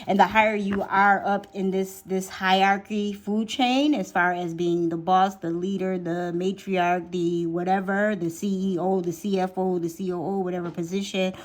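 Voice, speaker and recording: A woman's voice: mid-range voice, fairly even intonation, normal speed, few pauses, slight background noise. Chatty woman giving a tarot reading. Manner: chatty, repeats phrases for emphasis; drops to a whisper while drawing cards. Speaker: tarot reader.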